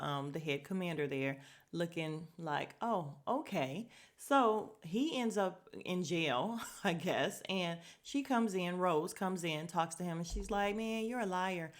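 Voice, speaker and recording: A young woman talks through a show recap in a casual podcast chat, her voice sitting a little low. She is animated and swears freely, slipping into quick voices to act out the scenes. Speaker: podcast host.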